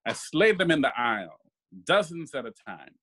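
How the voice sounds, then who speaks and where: A man's voice: a little high, moderate pace, a little hiss or hum. A man, a stage actor, telling stories in a casual interview and acting out the voices of people he quotes. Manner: animated, acts out quoted voices. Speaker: guest actor.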